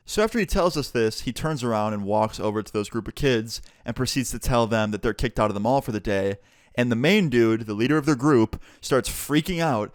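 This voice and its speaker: A young man tells a storytime vlog in a casual, animated way and swears freely. His voice is smooth and clear at a mid pitch. It is recorded close and dry, with no room echo. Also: fairly quick. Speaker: vlogger.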